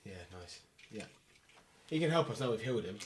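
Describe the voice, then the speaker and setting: A man playing in a tabletop game, talking quickly and eagerly about his spells. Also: mid-range voice, lively intonation, slight background noise. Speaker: player. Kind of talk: casual tabletop game chat.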